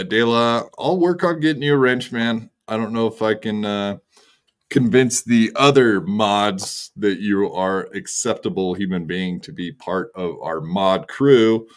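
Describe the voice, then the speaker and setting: Slow, low-voiced man streamer. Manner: laid-back, crude joking. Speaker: streamer host. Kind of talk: casual livestream sign-off.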